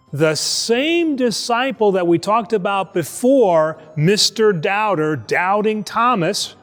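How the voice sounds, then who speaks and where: A priest telling a Bible story to children in a lively, conversational way, acting out the voices. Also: male voice, high voice, long reverb tail. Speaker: priest teaching Sunday school. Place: church.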